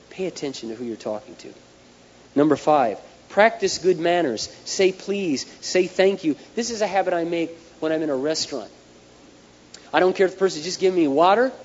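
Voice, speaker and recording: Male pastor, lively storytelling sermon, slightly high voice, dull echoey hall, faint hiss. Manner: animated storytelling, numbered points.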